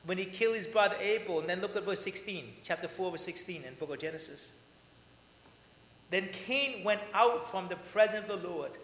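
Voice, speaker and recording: A man's voice: high voice, a bit bright. Man, pastor, sermon, questions to the congregation, roomy church sound. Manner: dynamic preaching, asks the congregation questions. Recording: echoey church hall.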